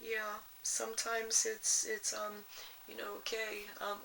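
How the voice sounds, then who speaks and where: A woman's voice: medium pitch, monotone, takes it slowly, gravelly, sharp tone, slight background noise, rough recording. A woman giving a casual astrology and tarot reading, rambling with lots of "you know" and restarts in a motherly, advice-giving way. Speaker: tarot reader.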